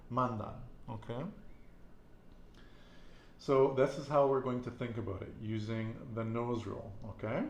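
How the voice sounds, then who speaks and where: A man's voice: mid-range voice, fairly even intonation, measured pace, creaky, long pauses, darkish tone. Guy giving a chill spanish lesson, patient, keeps quizzing, roomy echo, bit of background hiss. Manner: patient, repeats words and asks questions. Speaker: Spanish teacher. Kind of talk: casual language lesson.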